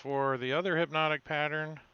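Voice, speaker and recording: A man acting as game master in a casual online tabletop session, thinking aloud with halting restarts. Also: on the high side, fairly even intonation, clear, resonant tone, no echo, lo-fi sound.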